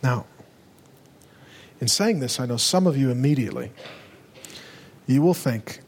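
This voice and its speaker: A male pastor preaching a sermon with urgency, driving home his points and rising to loud, emphatic peaks. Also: mid-range voice, expressive, a little slow, long pauses. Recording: long reverb of a large hall.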